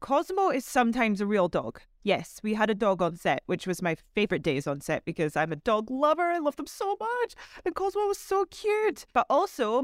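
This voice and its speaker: A woman's voice: medium pitch, no echo, studio quality. A woman actor being interviewed, chatting casually with easy laughs and lots of fillers. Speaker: actor guest.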